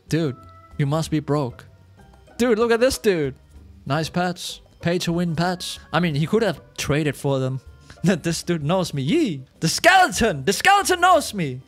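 Excitable man with a lively high voice. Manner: excitable, chatty, laughs often. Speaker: gaming YouTuber. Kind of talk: casual gameplay commentary.

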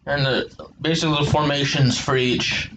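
A man's voice: a little high, steady tone, moderate pace, a bit bright, a little hiss or hum. A man talking casually over gameplay as a YouTuber, rambling and hesitant, often correcting himself. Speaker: gaming YouTuber.

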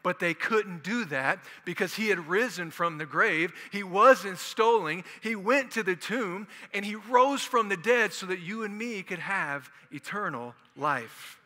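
A man preaches in a church, joking and chatting his way through the sermon. His voice is sharp and bright and sits a little high. The sound carries a long echo from the big hall. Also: a little slow, hardly any pauses. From Houston, Texas. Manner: animated, joking, conversational preaching. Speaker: pastor. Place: church sanctuary.

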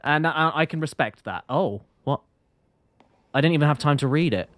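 Male streamer, a touch high-pitched, loose rambling live commentary at a desk mic. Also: animated, moderate pace, fairly bright tone, no echo. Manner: chatty, rambling, apologetic, reads chat aloud. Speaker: game streamer.

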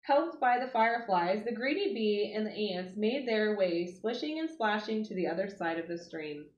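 A woman reading a picture book aloud to children, with animated, expressive storytelling. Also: medium pitch, moderate pace. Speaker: 4-H club leader. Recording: roomy, dull lo-fi audio.

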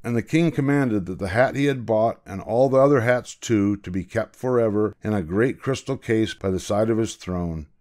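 An older man, a grandfather, reading a picture book aloud in a gentle, measured way. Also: fairly low pitch. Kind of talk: storybook read-aloud.

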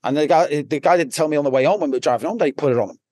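A man's voice: fairly high pitch, racing, warm tone, no echo, studio quality. A man with a Liverpool accent, a podcast guest telling his story bluntly, rambling and swearing constantly. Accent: Liverpool (Scouse). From Liverpool, England. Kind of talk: casual storytelling.

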